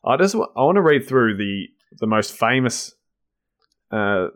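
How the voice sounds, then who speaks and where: A man's voice: medium pitch, big pitch swings, measured pace. A man co-hosting a podcast in casual chat, enthusiastic and laughing often, with many fillers and restarts. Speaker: podcast co-host.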